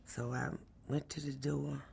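A middle-aged mail carrier recalls a personal story in a lively, animated way and acts out what people said. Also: mid-range voice, measured pace, gravelly, slight background noise. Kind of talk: personal recollection, oral history.

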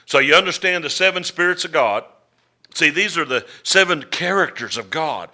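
A middle-aged man preaching a storytelling sermon, folksy and drawling, swinging between loud and soft. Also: a little high, animated, normal speed. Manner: folksy, drawling Southern-style delivery with dramatic swings in volume.

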